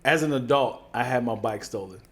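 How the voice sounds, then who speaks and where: A man's voice: mid-range voice, brisk, heavy background noise. A man co-hosting a podcast, telling stories in casual chat and jumping into put-on voices. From United States. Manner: animated storyteller, jumps into loud put-on voices. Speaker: podcast co-host.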